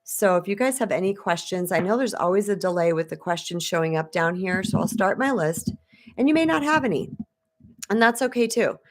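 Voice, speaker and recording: Woman, fifties, spiritual coach, live-stream storytelling, candid and chatty, slightly low-pitched. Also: expressive, brisk. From United States. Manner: candid and chatty, acts out quoted voices.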